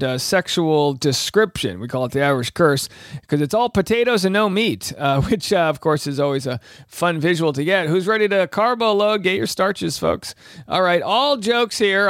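A man's voice: fairly high pitch, fairly bright tone, clean tone, no room sound, studio quality. A man hosting a casual podcast, chatty and joking with many fillers. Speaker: podcast host. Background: faint Celtic music.

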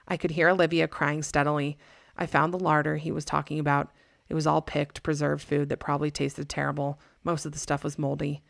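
A woman podcast host narrating a scary story in a measured, dramatic reading. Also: low voice, little pitch movement, gravelly, a little hiss or hum.

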